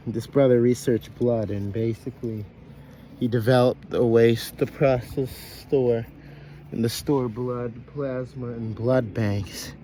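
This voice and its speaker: A man's voice: mid-range voice, steady tone, slow pace, mellow. A man holds forth in a loose, preachy monologue, circling back on his own phrases and often breaking off mid-thought. His voice sits in an ordinary middle register, and he keeps addressing listeners as brothers and sisters. A faint hiss runs under the recording. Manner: rambling, repeats phrases, self-interrupts. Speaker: online speaker addressing followers.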